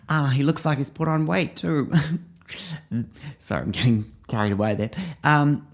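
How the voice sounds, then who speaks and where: A man's voice: fairly low pitch, a little slow. A man in character as a self-important drama teacher, musing aloud in a rambling monologue. He pads his talk with ums and little asides, sure of his own expertise. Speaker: drama teacher character hosting a comedy podcast. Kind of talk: scripted comedy monologue in character.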